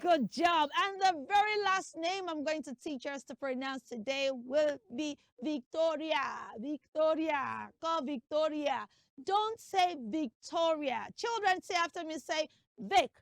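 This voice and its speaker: Slow, high-voiced mock teacher woman. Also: no echo, clean studio sound. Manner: emphatic, drilling, spells names letter by letter. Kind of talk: comic classroom lesson skit.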